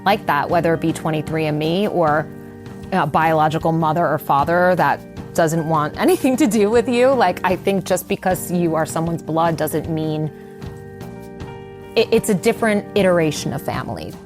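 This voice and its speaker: A woman with a fairly low voice tells personal stories as an interview guest. She is animated and lively, and slips into the voices of the people she quotes. Soft music plays faintly behind her. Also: moderate pace. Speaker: guest writer. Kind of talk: conversational storytelling.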